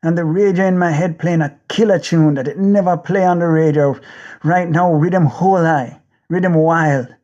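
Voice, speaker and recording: A man's voice: fairly high pitch, steady tone, moderate pace, darkish tone, muffled recording. A man with a Jamaican accent narrating an audiobook in the first person, intense and rhythmic, with driving repetition.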